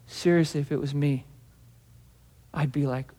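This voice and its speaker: A man with a high, light voice preaches a relaxed, conversational sermon. He acts out the Bible scenes in short bits of dialogue. A long hall reverb trails after his words. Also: moderate pace, long pauses. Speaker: pastor.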